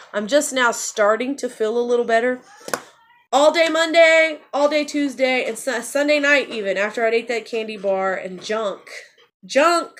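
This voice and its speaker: A woman's voice: a little high, fairly bright tone. A middle-aged woman talking candidly in a personal vlog, rambling and repeating phrases. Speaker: vlogger.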